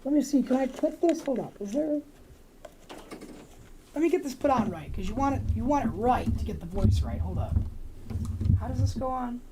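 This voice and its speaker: A woman's voice: sits high, expressive, normal speed, pauses often, background noise. A woman hosting a livestream, chatting in a rambling, joking, profane way. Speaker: livestream host. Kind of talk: casual rambling chat.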